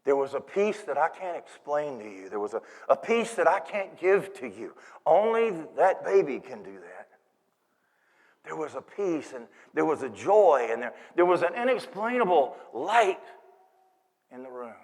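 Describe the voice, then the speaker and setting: A man performing a first-person monologue as a humble, giggly shepherd in a church service, an animated storyteller who stammers and laughs. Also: fairly high pitch, moderate pace. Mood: awed, hushed. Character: humble, giggly old-time male shepherd. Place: church sanctuary. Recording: reverberant church hall.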